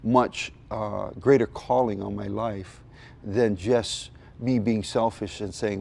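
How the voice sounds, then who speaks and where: Gravelly man. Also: lowish voice, fairly even intonation, slow pace, a little mellow, a little hiss or hum. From Hawaii. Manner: earnest, with self-deprecating jokes. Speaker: comedian guest. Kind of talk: candid testimony in a chat.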